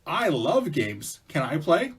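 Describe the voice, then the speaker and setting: A man's voice: a little high, huge pitch swings, takes it slowly, slightly rough, voice pushed up, full character voice. A man voicing a sleepy, easygoing young male mouse who talks hesitantly with many fillers. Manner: hesitant, rambling, lots of fillers.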